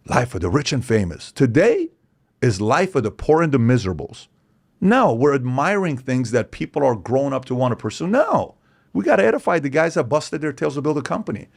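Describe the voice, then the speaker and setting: A man in his forties, a podcast guest, speaking in an animated, opinionated monologue full of rhetorical questions and acted-out quotes. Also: a little high, creaky. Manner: acts out quoted voices, emphatic, rhetorical questions.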